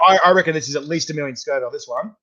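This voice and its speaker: Australian male host, chatty and stumbling, fairly high voice, dull lo-fi audio. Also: racing, crowd noise. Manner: chatty, stumbling, repeats words. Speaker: podcast host. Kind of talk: casual interview. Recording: dull lo-fi sound.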